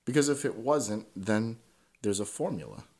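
A man's voice: fairly low pitch, expressive, moderate pace, darkish tone. Swearing, candid male podcast guest. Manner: swears freely, keeps checking in with "right?". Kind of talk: casual conversational storytelling.

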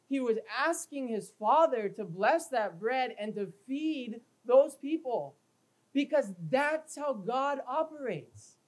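A man's voice: very high-pitched, low-quality recording. A man preaching a sermon as pastor, emphatic, reading scripture aloud and acting out everyday scenes for his congregation. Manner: emphatic, reads scripture aloud in King James wording; acts out everyday scenes with quoted voices.

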